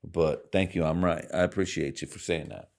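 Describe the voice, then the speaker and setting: Male podcast host from California, deep voice, crude rambling comic monologue. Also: normal speed. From California, USA. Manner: profane, rambling, laughs often at his own jokes.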